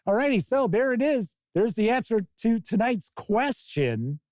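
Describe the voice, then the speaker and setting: A man's voice: very high voice, measured pace, hardly any pauses, no echo, clean studio sound. A man hosting a live tabletop-gaming stream, talking casually in a rambling way, with bursts of swearing. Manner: rambling, profane, animated mock quotes. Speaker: host.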